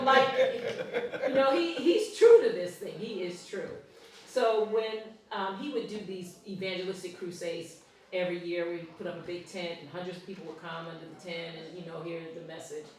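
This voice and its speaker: A woman leading a live workshop, telling a story in a chatty way, laughing often and checking in with her audience. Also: on the low side. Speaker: workshop leader and ministry founder. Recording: echoey room, voice from far off.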